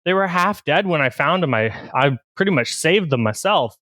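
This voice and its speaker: A man's voice: fairly high pitch, lively intonation, normal speed, a bit bright, no room sound, voice pushed up. A man voicing a nervous young wannabe trainer who stammers, denies everything and brags. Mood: boastful. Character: jittery young male wannabe trainer, boastful liar.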